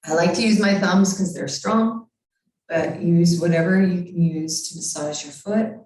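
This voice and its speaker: A woman teaching a yoga class, giving calm, encouraging step-by-step cues for foot massage and balance work. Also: lowish voice, a little slow. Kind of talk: guided yoga instruction. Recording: very echoey room, far from mic.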